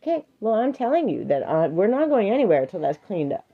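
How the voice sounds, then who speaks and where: A woman's voice: medium pitch, sing-song, fast talker, phone-quality sound, soft background music. A woman streaming live, reading affirmations and firmly but patiently parenting her child in between, laughing often.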